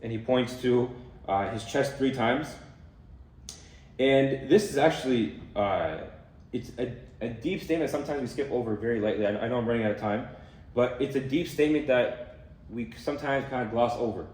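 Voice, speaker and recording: A young man giving a casual talk on a hadith, explaining in a relaxed way with fillers and Arabic terms. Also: medium pitch, normal speed. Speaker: student speaker on hadith. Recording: echoey room from far off.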